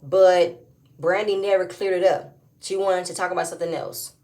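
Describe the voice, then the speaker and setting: A woman with a slightly low voice talks through a reality show episode in a casual review. She is opinionated and often pushes into emphatic, louder stretches when she makes her point. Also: steady tone, moderate pace. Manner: opinionated, rising to emphatic outbursts. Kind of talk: casual recap commentary.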